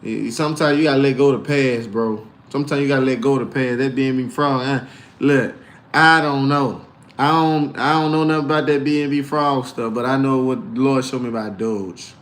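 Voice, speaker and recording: A man hosting a casual crypto livestream, animated and slangy, mixing faith talk with tips and reading out comments. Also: a little fast, reverberant. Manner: animated, swinging from low grumbles to loud outbursts.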